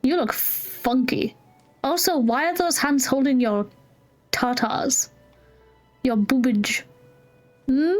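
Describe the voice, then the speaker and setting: A woman's voice: sits high, slow, pauses often, soft background music. A woman commenting casually on a game as she plays, chatty, joking and swearing freely. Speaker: gameplay streamer. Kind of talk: casual let's-play commentary.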